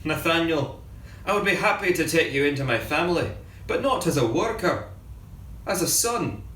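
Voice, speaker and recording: A man voicing a warm, welcoming plantation owner in a read-aloud story, recorded in a roomy space from a distance. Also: on the high side, expressive, moderate pace, voice pushed up. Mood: gentle.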